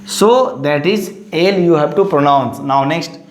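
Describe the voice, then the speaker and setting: A man teaching a lesson, halting and full of fillers and restarts. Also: on the high side, a little hiss or hum. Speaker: English teacher. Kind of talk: classroom-style lesson. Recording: echoey room.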